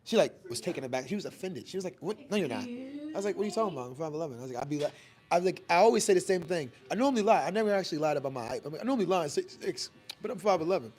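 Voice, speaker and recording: A man hosting a barbershop podcast, telling animated stories full of slang in casual banter with friends. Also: sits high, racing. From Northern Virginia.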